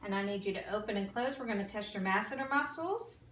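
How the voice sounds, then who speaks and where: A woman calmly talking a patient through a cranial nerve exam, step by step, with small fillers. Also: medium pitch, fast. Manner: calm step-by-step instructions with fillers. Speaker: nursing student doing an exam demo. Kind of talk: instructional clinical demonstration. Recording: echoey room from far off.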